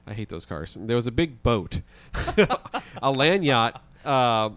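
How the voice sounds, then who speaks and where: A man, a guest on a podcast, telling a story in a casual, animated way with the odd swear word. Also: mid-range voice, slow pace, no echo. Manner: animated, vivid retelling with occasional swearing.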